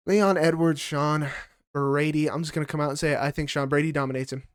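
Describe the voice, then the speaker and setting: A man with a somewhat high voice trades fight picks on a casual podcast. He is blunt and heated and swears freely. The sound is dry and close, with no room echo. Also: steady tone, a little fast, smooth. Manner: blunt, profane, heated opinions. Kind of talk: casual sports chat.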